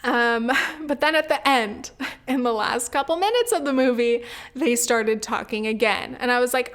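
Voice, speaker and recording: Her high-side voice is a bit bright and moves at normal speed as this twenty-something woman hosts her solo podcast. The chat is casual, sprinkled with swearing and plenty of "like" and "um."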